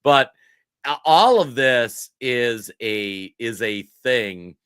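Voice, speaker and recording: A man's voice: medium pitch, expressive, very slow, a bit bright, clear, resonant tone, no room sound. Male pundit co-host, mocking and emphatic, dry close recording. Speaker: political talk show co-host. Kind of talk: casual commentary.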